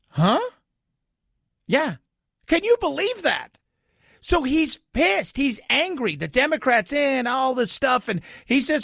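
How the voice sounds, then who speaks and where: A man hosting a talk radio show, sarcastic and animated, acting out the people he talks about in funny voices. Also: very high voice, moderate pace, vocal fry, no echo, studio quality. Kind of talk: talk radio commentary with live ad read.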